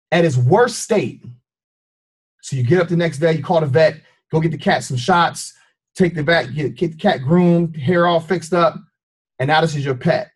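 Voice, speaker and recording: A man's voice: a little high, slightly rough. A man giving a motivational talk as a fitness trainer, preachy and repetitive, often asking his listeners questions. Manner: preachy, repeats himself, asks the audience questions. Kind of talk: motivational speech.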